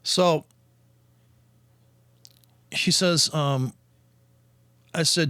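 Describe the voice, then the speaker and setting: A man with a high voice rants through a casual podcast. He talks in a profane, sarcastic way, and the dry, close recording has no room sound. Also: lively intonation, extremely slow, pauses often, fairly bright tone, smooth, no echo. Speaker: podcast host and trader.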